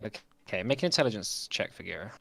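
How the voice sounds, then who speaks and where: A man's voice: on the low side, expressive, fast, creaky, a bit bright. A man running a tabletop game as game master, narrating hesitantly with many fillers. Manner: hesitant, many ums and likes.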